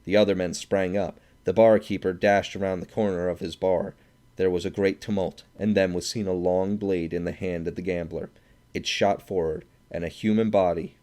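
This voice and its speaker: Deep-voiced man reading a story. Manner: measured, steady storytelling. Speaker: audiobook reader. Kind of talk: scripted audiobook narration.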